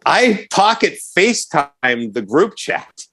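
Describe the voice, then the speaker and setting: A man's voice: fairly high pitch, takes it slowly. A man co-hosting a podcast, telling stories in casual chat and laughing often. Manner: animated storyteller, laughs often. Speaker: podcast co-host.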